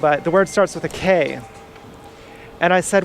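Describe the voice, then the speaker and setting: A man's voice: fairly high pitch, a little slow, vocal fry, soft background music. A man telling a personal story outdoors in a rambling, confessional way, swearing freely. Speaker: vlogger. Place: outdoors in a town, walking around. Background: faint urban traffic.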